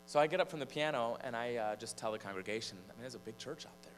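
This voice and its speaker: A man's voice: medium pitch, fast talker. A man from Michigan, a preacher and singer, animatedly telling a personal story from the pulpit in a large church. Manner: animated storyteller, building suspense. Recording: long church reverb, faint mains hum.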